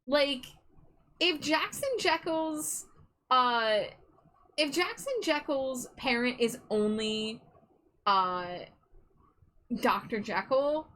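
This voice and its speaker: A woman hosts a live stream in a loose, chatty way, cursing freely and getting excited. Her voice sits a little high and sounds bright and crisp. She talks with easy, unscripted energy. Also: very slow, pauses often. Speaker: streamer host. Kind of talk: casual chat on a live stream.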